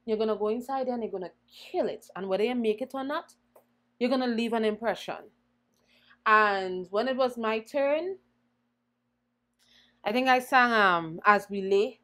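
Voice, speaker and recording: Animated woman telling her story. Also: a little high, normal speed, pauses often. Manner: animated, acts out quoted voices. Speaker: interview guest, singer. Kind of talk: conversational storytelling.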